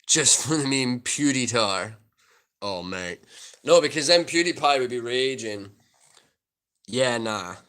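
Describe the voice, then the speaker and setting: A man's voice: medium pitch, expressive, takes it slowly, long pauses, fairly bright tone. A Scottish man chatting casually on a livestream, reading viewer comments aloud and answering them. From Scotland.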